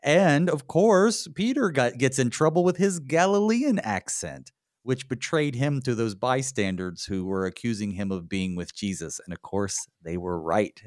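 A man from North Carolina with a Southern US accent, hosting a conversational Bible study in a chatty, relaxed way. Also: low voice, no room sound, studio quality.

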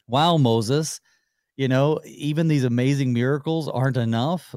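A man hosting a Bible study discussion, reading scripture aloud in a measured, reflective way. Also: medium pitch, animated, darkish tone, no echo, studio quality. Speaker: host.

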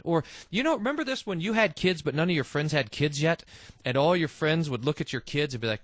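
A man hosting a casual religious talk show, reading listener quotes and mimicking people in quick asides. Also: on the high side, dry recording, clean studio sound. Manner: animated, mimics voices in asides. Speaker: host.

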